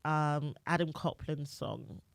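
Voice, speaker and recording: A woman's voice: low voice, slow pace, creaky, no room sound. A woman co-hosting a chat podcast, chatty and giggly as she asks the guest questions. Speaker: podcast co-host.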